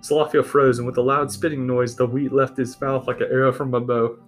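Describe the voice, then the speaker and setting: Male storybook narrator, mid-pitched, steady delivery, soft guitar behind. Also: a little fast, rough recording. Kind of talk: storybook reading. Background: faint guitar music.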